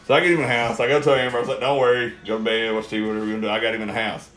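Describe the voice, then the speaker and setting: A man's voice: medium pitch, flat delivery, rapid-fire, fairly bright tone, soft background music. A man telling rambling, profane stories with lots of laughter on a casual podcast. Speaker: guest storyteller. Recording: roomy echo.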